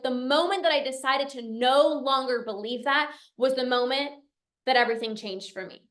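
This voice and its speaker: Young woman coach giving a pep talk, high voice, earnest and a bit emotional, keeps repeating herself for emphasis. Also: brisk, fairly bright tone. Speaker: binge eating coach and podcast host. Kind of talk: motivational talk, reading out member comments.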